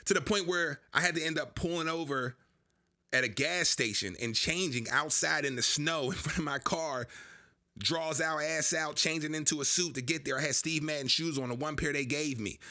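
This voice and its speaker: A man's voice: fairly high pitch, moderate pace. A young man casually telling a long personal story, acting out what other people said to him. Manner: animated, acts out dialogue with others.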